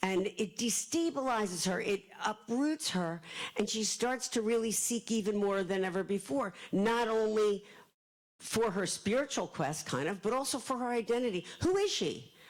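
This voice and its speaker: Fast-talking Philly older woman author. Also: medium pitch, animated, low-quality recording. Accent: Philadelphia. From Philadelphia. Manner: fast-talking, chatty, joking asides. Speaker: author speaking to an audience. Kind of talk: live author talk. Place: library event.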